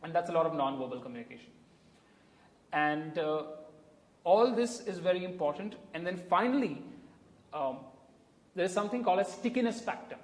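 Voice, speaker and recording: A man with an Indian English accent, a communication coach explaining ideas emphatically with spoken examples. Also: high-pitched. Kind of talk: interview answers, explanatory. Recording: echoey room with long reverb.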